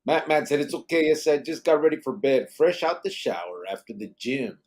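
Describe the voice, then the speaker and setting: A man's voice: fairly high pitch, lively intonation, fairly quick, a little mellow. Male podcast host, reads chat comments, laid-back banter. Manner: reads viewer comments aloud, drops in Spanish slang. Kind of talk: casual live-stream chat reading comments.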